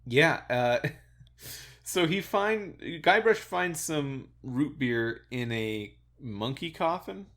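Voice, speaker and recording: A man co-hosting a podcast in casual chat, relaxed and amused, chuckling often and restarting his sentences. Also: fairly high pitch, slow. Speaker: podcast co-host.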